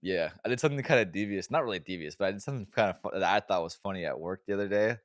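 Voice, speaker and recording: A low-voiced young man in relaxed podcast chat, recorded dry and close. He tells stories packed with swearing and keeps laughing at his own jokes, getting louder and higher when something amuses him. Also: racing, dry recording. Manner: laughs through his own story, swears a lot, gets loud and high when amused. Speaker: podcast co-host. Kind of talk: casual chat storytelling. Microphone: remote podcast mic.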